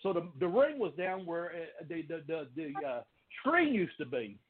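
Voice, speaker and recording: A man telling animated wrestling stories in casual chat, laughing often. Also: a little high, normal speed. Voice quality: country accent. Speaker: guest, former pro wrestler. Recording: phone-like line with faint noise.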